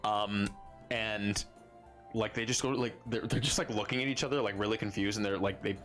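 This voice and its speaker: A man's voice: fairly low pitch, fairly even intonation, brisk, a bit bright, soft background music. A man narrating a tabletop game as game master in a loose, filler-heavy way.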